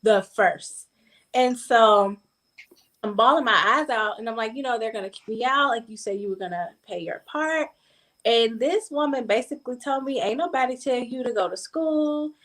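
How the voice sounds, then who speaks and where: A woman's voice: fairly high pitch, moderate pace, a bit bright. A young adult woman in a casual group chat, telling a personal story emphatically and repeating words for stress. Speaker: guest.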